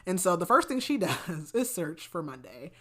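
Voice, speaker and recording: Chatty woman with a lowish voice. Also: sing-song, normal speed, bright, forceful tone. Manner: chatty, many fillers and restarts. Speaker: podcast host. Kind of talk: casual book recap.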